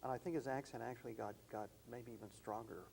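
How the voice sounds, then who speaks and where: An older man being interviewed, recalling past colleagues in a thoughtful, measured way. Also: medium pitch, steady tone, vocal fry, darkish tone, slight background noise, low-quality recording. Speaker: interview guest. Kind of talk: reminiscing conversation.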